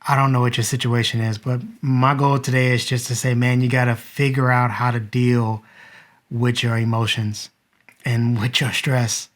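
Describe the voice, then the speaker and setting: A man's voice: mid-range voice, level tone, moderate pace. Man in his 30s, vlogger and dad, earnest reflective storytelling straight to camera. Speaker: vlogger and father.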